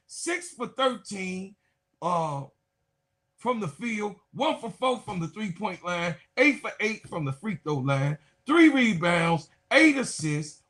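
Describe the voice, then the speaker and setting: A man hosting a sports podcast, giving excitable, loud, casual commentary and talking straight to his viewers. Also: high voice, slightly rough. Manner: excitable, loud, chatty, talks to viewers as y'all.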